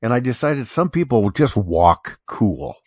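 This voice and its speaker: A man's voice: medium pitch, measured pace, breathy edge, dry recording, studio quality. An older man co-hosting a podcast, telling stories in a casual chat with chuckles. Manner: storytelling, chuckling, animated. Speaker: podcast co-host.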